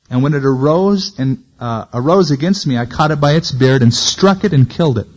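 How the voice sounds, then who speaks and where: Guy teaching bible verse by verse, reads a bit then explains it real casual, kinda dull muffled audio. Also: mid-range voice. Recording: dull lo-fi recording.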